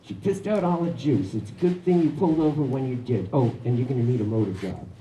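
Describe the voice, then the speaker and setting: A man voicing a tall, loud male biker who barks orders and curses, told at a live story hour. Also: mid-range voice, fast talker, far from the mic, pitched above the performer's own voice, natural voice. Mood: explaining. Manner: barking orders. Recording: echoey room with background noise.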